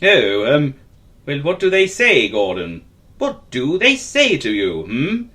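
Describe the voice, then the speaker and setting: A man's voice: medium pitch, wildly swooping pitch, takes it slowly, heavily acted. A man doing a solemn, murmuring railway boss. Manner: gentle, murmuring hmm. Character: stout kindly male railway boss, solemn and soothing.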